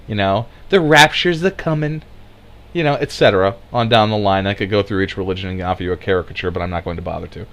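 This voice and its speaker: A man's voice: low-pitched, steady tone, racing, hardly any pauses. A man delivering sarcastic, mocking political commentary, swearing freely as he rants.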